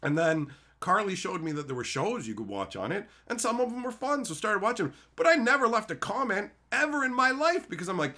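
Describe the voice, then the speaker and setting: A man telling a profane, animated story in a casual rant on his video channel, laughing often. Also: high-pitched, fairly quick, hardly any pauses. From Canada. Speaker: YouTube host.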